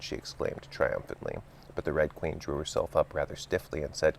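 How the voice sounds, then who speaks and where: A man reading a classic children's storybook aloud as an audiobook narrator, in a steady, measured way. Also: very deep voice, a little hiss or hum.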